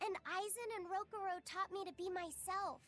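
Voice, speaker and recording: A woman voicing an earnest young boy companion in a video game, with a very high boyish voice. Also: fairly even intonation, moderate pace, a bit bright. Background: faint game music.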